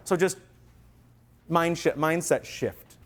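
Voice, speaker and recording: A man's voice: fairly high pitch, slow. A man giving a workshop talk to real estate agents, telling stories and acting out quoted voices with energy.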